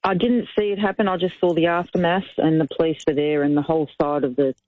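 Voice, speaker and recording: A man's voice: on the high side, fairly even intonation, quick pace, dry recording. A man calling in to a radio show, reporting what he saw in a plain, matter-of-fact way. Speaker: caller. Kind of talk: phone-in report. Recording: tinny phone line.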